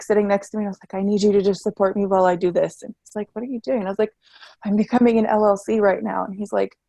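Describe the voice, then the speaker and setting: A woman's voice: mid-range voice, vocal fry, warm tone, no room sound, highs cut off. A woman in her twenties, a guest telling her story candidly in a chatty way, with many fillers. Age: 20s. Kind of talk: casual interview chat.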